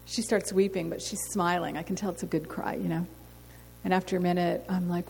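A woman's voice: fairly low pitch, little pitch movement, brisk, creaky, a little mellow. A woman giving an earnest sermon testimony to a women's gathering, telling a story and asking rhetorical questions. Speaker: women's ministry speaker. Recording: long hall reverb, faint noise.

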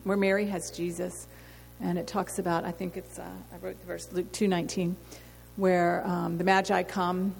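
Woman preaching with gravelly edge in a hall. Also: lowish voice, darkish tone. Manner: earnest, storytelling, rhetorical questions. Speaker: women's ministry speaker. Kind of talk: sermon testimony. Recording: long hall reverb, faint noise.

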